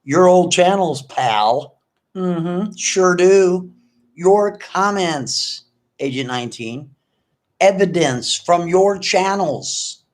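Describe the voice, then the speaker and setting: A man's voice: high voice, expressive, very slow. A man hosting an online video, ranting at an absent rival in an accusing, mocking way and repeating himself often. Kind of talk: confrontational livestream rant.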